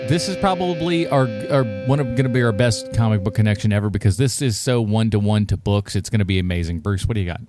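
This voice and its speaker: A man's voice: on the low side, fast, few pauses, darkish tone, faint music behind. A man hosting a podcast, chatting casually and poking fun at himself. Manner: chatty, self-mocking. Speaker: podcast host.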